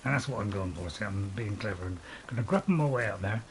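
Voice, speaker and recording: With a fairly low voice, lively intonation and a quick pace, a British video host chats through his gameplay, making jokes about himself and laughing often. The low-quality recording has a little hiss or hum, plus a dog barking nearby.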